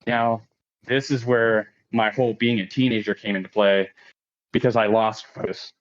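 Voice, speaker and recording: A man's voice: lowish voice, steady tone, normal speed. A man in his late thirties, a podcast guest, telling a story in a casual, profane way, laughing often and acting out quoted lines in a raised voice. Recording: dull lo-fi podcast audio.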